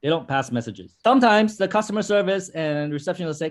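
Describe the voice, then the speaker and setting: A man's voice: high voice, animated, brisk, hardly any pauses. Blunt, scolding male sales trainer. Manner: blunt, scolding, swears, acts out sample calls. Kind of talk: blunt classroom lecture. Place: training room with a class.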